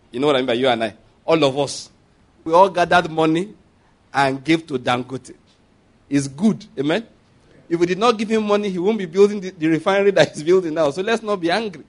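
A man, preaching a sermon in a conversational way, with asides and call-and-response. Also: high-pitched. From Nigeria.

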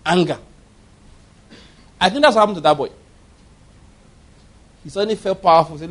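A high-pitched male preacher from Nigeria delivering a sermon. He drops into low, quiet storytelling, then climbs into loud exhortation. He keeps putting rhetorical questions to the congregation. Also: expressive, a little fast, pauses often. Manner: swings between low murmurs and loud exhortation.

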